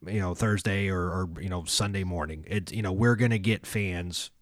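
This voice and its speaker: A man's voice: deep voice, steady tone, normal speed, dry recording. Rambling man on a sports podcast. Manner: rambling, many fillers and restarts. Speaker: podcast co-host. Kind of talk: casual sports podcast chat.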